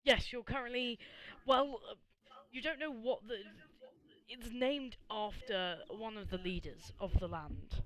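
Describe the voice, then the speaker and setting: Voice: mid-range voice, a little slow, a bit bright. A game master narrating a tabletop game, hesitant with many ums and restarts.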